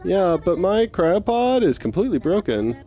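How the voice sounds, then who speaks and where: A man's voice: high voice, big pitch swings, moderate pace, dark tone, voice pushed up. A man voicing a small cute alien creature in a raised, jittery voice while reading game dialogue.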